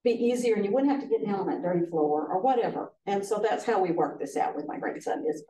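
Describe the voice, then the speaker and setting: An older woman with a drawl gives a relaxed, folksy training talk and slips into little voices to act out quotes. Her voice is mellow and dark, picked up from a distance in an echoey meeting room with a faint hum behind her. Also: mid-range voice, fast talker. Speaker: trainer presenting to foster care advocates. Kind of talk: casual workshop talk.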